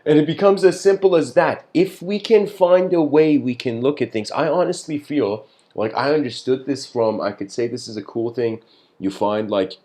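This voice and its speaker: A man's voice: mid-range voice, moderate pace, dark tone. A man talks through big ideas in a casual, meandering monologue. He stumbles over his words, restarts sentences and breaks into laughter between thoughts. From Iran. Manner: rambling, lots of fillers and restarts, laughs often. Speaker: speaker giving a philosophical talk.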